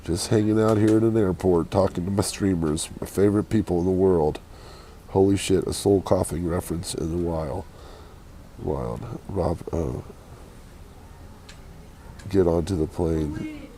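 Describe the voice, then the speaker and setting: Gravelly low-voiced hungover man streaming. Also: measured pace, long pauses, a little hiss or hum. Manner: keeps his voice low and quiet on purpose. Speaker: live streamer chatting with viewers. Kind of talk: casual live-stream chat. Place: airport waiting area.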